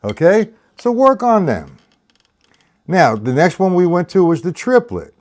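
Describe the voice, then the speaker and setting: A man's voice: sits high, big pitch swings, a little slow, darkish tone. An older man giving a casual, rambling live-streamed drum lesson, counting beats aloud as he explains technique. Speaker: drum teacher.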